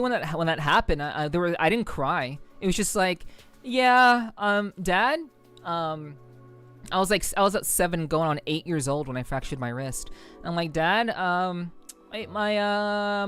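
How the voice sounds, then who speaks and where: A woman livestreamer with a low, slightly bright voice chats casually with her viewers. She rambles, swears freely, and laughs often.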